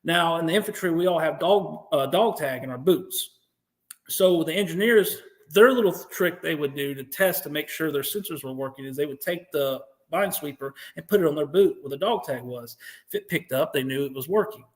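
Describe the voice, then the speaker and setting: American male guest, slightly high voice, animated, swears freely, acts out what others said. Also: brisk. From United States. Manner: profane, animated, acts out quotes. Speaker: podcast guest, veteran. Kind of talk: interview storytelling.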